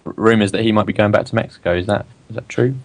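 A low-voiced man talks fast and flat, with little rise or fall in his pitch. He gives his opinions plainly in a casual podcast chat. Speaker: podcast co-host.

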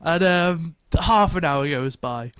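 A man telling a lively anecdote in casual chat. He swears, laughs often and stammers over restarts. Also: a little high, slow, clean tone, no room sound.

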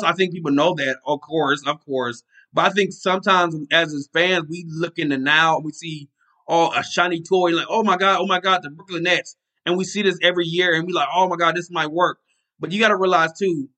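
A man's voice: fairly high pitch, sharp tone. A man hosting a sports podcast, talking casually and rambling, often stopping to search aloud for players' names. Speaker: podcast host. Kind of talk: casual sports talk monologue.

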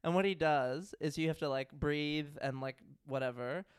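A woman's voice: sits low, moderate pace, clean tone, no echo, studio quality. A woman chatting casually and playfully, often breaking into laughter. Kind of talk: casual chat.

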